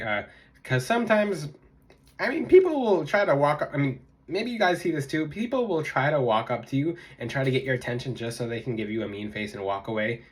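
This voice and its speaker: Animated young man giving spiritual advice. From South Florida. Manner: animated, emphatic, repeats key phrases, mimics others in high voices. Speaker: spiritual vlogger. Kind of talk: casual advice monologue to camera.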